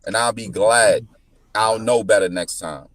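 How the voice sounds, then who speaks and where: Animated guy telling a story, lots of restarts, dry close sound. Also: measured pace, no room sound. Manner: animated, repetitive restarts, jumps into high pitch when quoting. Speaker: podcast guest. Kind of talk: casual storytelling.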